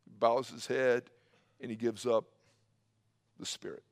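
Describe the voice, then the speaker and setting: A man preaching an Easter sermon to a church, swinging between loud emphatic bursts and hushed low passages. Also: fairly even intonation, measured pace. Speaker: pastor. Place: church service streamed online.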